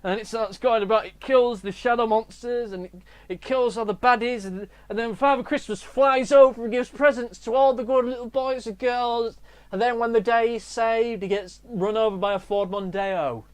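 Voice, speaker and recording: A man's voice: extremely high pitch, fairly even intonation, moderate pace, smooth. A man rambling through a profane, comedic TV review monologue. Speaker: video reviewer.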